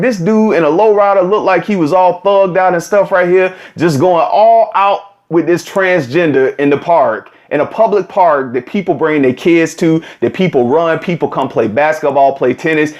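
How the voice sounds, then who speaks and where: A man hosting a vlog, telling a story in casual, slangy talk straight to his viewers. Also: fairly high pitch. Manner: animated, slangy, direct address. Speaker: vlog host.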